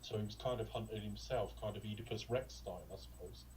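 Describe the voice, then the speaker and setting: A man's voice: lowish voice, fast, darkish tone, far from the mic, a little hiss or hum, low-quality recording. Rambling man reviewing films. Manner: rambling, digressive, with frequent ums and asides. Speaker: podcast co-host. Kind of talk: casual film review chat.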